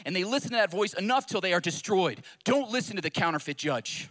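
Male pastor, middle-aged, bright forceful tone, fairly high voice, fervent repetitive preaching. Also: expressive, fast talker, hardly any pauses. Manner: impassioned, repetitive preaching cadence with rhetorical questions. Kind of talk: sermon.

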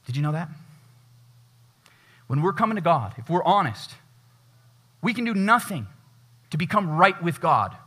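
Lively bright-voiced male pastor preaching. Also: fairly high pitch, moderate pace, pauses often, slightly rough. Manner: conversational, acts out quoted voices. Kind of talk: sermon. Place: church.

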